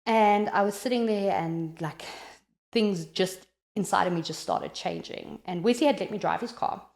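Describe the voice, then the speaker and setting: A South African woman telling a personal story in an animated, chatty way, with many "like" fillers, as a podcast guest. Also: medium pitch, moderate pace, creaky, roomy sound.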